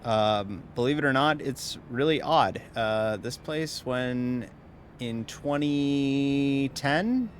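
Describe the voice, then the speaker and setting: A man's voice: medium pitch, slow pace, a little hiss or hum. A tired man giving casual, rambling live-stream commentary while sim racing, wry and swearing now and then. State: tired, yawning.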